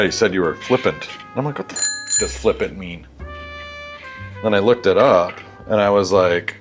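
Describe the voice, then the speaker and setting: A man with a stuffy nose telling a rambling, candid story in casual vlog style while working on a bike in his repair shop. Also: deep voice. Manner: rambling, candid, profane asides. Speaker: bike shop owner and vlogger. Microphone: wireless clip-on mic.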